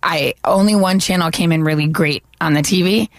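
A woman from the northeastern United States on a casual panel, animated and emphatic. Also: on the low side, a little fast, no room sound, studio quality. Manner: animated, emphatic, laughs often. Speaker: panel guest.

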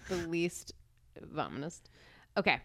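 A woman's voice: deep voice, animated, takes it slowly. A young adult woman co-hosting a casual comedy chat, reading out quiz questions in a teasing voice and laughing often. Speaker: podcast co-host.

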